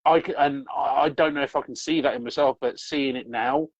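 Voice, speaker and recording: A man's voice: medium pitch, steady tone, a little fast, no room sound. A man who writes scripts, talking in a casual chat, enthusiastic and rambling, correcting himself as he goes. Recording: dry, slightly dull lo-fi audio.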